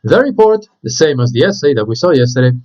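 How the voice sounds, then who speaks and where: A man's voice: mid-range voice, very animated, fast, darkish tone. Man teaching an English lesson, lo-fi. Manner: repeats words and adds "okay?" often.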